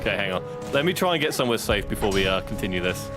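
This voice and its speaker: Excitable English man streaming a game. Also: fairly low pitch, rapid-fire, loud music behind the voice. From England. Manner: excitable, yelps and swears at setbacks. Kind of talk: casual gameplay commentary.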